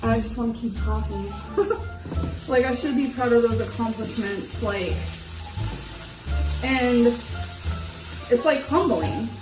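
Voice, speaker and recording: A young woman vlogs to camera while cooking at the stove in her home kitchen, rambling loosely and casually and saying "like" constantly. Her voice sits on the high side, slow with long pauses, and she's slightly out of breath. The kitchen sounds echoey, with background music playing.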